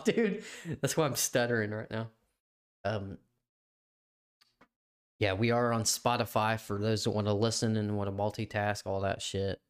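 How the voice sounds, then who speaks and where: A man's voice: fairly low pitch, fairly even intonation, measured pace, pauses often. Rambling, laughing young man. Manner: rambling, swears a lot, laughs often. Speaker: podcast co-host. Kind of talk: casual chat.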